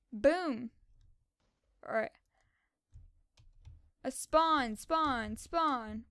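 A young woman giving casual, excitable commentary on her own gameplay and repeating words fast when tense. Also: high-pitched, no room sound. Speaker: gaming channel host.

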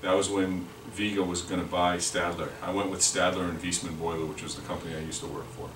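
Low male voice, rambling sales training talk, distant mic, faint room noise. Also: flat delivery, fast, reverberant. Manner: rambling, repeats words and restarts. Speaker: sales representative. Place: meeting room, lunch and learn.

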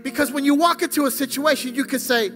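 A male pastor preaching a fervent sermon, swinging between loud exclamations and hushed asides. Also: extremely high pitch, fast talker, faint music behind.

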